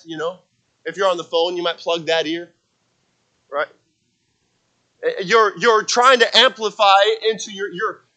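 Guy preaching a sermon, kinda high voice, chatty, restarts words a lot. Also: sharp tone, poor audio. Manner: conversational preaching, repeats words, acts out stories. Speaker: pastor.

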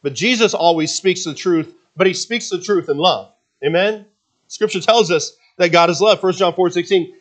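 A man delivering a sermon from the pulpit, his voice sitting a little higher than most men's. He preaches earnestly, building to fervent passages and dropping into relaxed, self-deprecating asides, and he leads the congregation in reading scripture aloud. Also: moderate pace. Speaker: pastor.

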